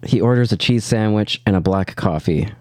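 Low-voiced man recapping a horror episode. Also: normal speed, darkish tone, no echo. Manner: reads plot summary between jokes. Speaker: podcast co-host. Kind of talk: casual podcast chat, recapping an episode.

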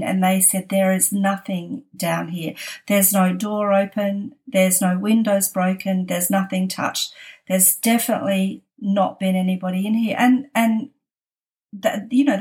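A woman's voice: medium pitch, darkish tone. A middle-aged Australian woman telling a casual story, chatty and laughing as she goes. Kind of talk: casual spoken anecdote.

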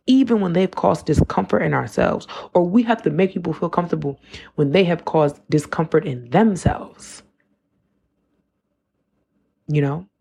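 Her voice is on the low side, slightly rough and a little mellow, with vocal fry. A podcast host in her 20s, she reflects casually and talks loosely, dropping "like" often and correcting herself as she goes.

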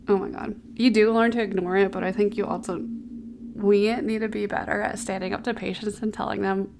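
A woman's voice: mid-range voice, noisy background. A woman hosting a casual solo podcast as a physical therapist, reading online posts aloud and reacting candidly with exclamations.

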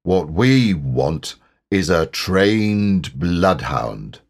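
A man reading an audiobook, voicing a gloomy, self-pitying old grey donkey in a slow, melancholy drawl. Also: deep voice, big pitch swings, full character voice.

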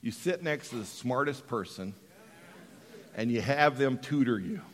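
A middle-aged man from Western Colorado preaching a sermon, dropping to hushed tones and rising to shouts. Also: medium pitch, expressive, unhurried, in a large hall. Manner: dramatic, swings from hushed to shouting. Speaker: pastor.

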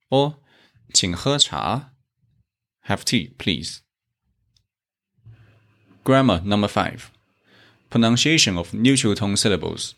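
A man teaching a language lesson, explaining grammar and modeling tones deliberately. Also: fairly low pitch, a bit bright. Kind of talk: slow instructional explanation.

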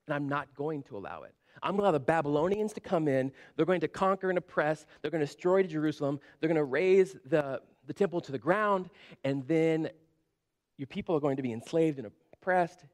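A man voicing God as a calm, stern figure who answers plainly. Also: a little high, voice pushed down, natural voice. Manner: calm, matter-of-fact pronouncements.

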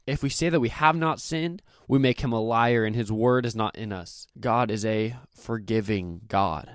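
A man's voice: fairly low pitch, moderate pace, clean tone, no echo, clean studio sound. A man hosting a devotional podcast, teaching earnestly and emphatically while quoting scripture. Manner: earnest, emphatic preaching with frequent scripture quotes. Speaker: podcast host.

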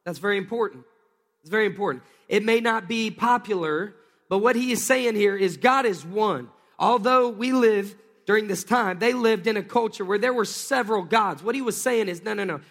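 High-voiced man preaching in a reverberant hall. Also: normal speed. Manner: energetic, calls for crowd responses. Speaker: pastor. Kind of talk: sermon. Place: church sanctuary.

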